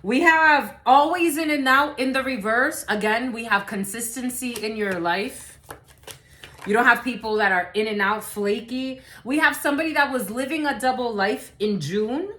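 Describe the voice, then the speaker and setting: A woman's voice: on the high side, moderate pace, pushed and bright. A woman giving a collective tarot reading to camera, blunt and rambling, swearing freely and laughing often. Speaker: tarot card reader.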